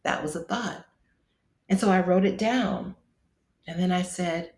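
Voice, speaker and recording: Middle-aged woman, meditation teacher, deep and gravelly, candid and casual, echoey room. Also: a little slow, long pauses, a little hiss or hum. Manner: candid, conversational, drops to a hush on soft asides. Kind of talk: casual instructional talk.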